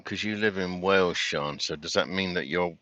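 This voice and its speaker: A man's voice: low-pitched, moderate pace, sharp tone, dry recording, lo-fi sound. A man with a London accent chatting casually to his viewers on a livestream, rambling and asking them questions. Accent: London English. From London, England. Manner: rambling, talks to chat viewers while doing chores. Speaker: livestream host.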